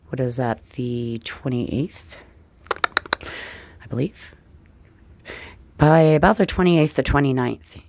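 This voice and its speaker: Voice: mid-range voice, darkish tone, dry recording. An astrologer giving a casual forecast to viewers, chatty and upbeat, often tagging on "right?" and calling listeners dear friends.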